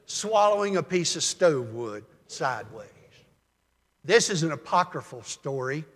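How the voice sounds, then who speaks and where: An older male pastor delivers a sermon, easing into folksy stories with a calm, measured pace. His voice sits fairly high for a man. The sound rings out with the long reverb of a church sanctuary.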